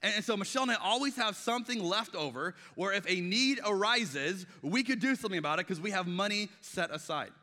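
Bright-voiced male pastor preaching in a hall. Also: high-pitched, lively intonation, brisk, few pauses. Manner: conversational, acts out quoted dialogue, frequent restarts. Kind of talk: sermon. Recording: long reverb of a large hall.

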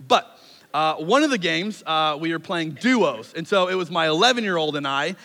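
A man in his thirties preaching a sermon as a pastor, telling stories in a relaxed, self-deprecating way and acting out quotes. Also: on the high side. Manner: conversational, self-deprecating storytelling with quick acted-out quotes. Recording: long hall reverb.

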